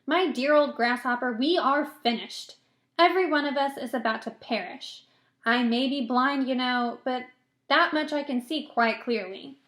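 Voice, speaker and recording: A woman's voice: high-pitched, moderate pace, fairly bright tone. A woman voicing a gloomy, blind male earthworm who talks in a mournful, complaining way, in a roomy echo.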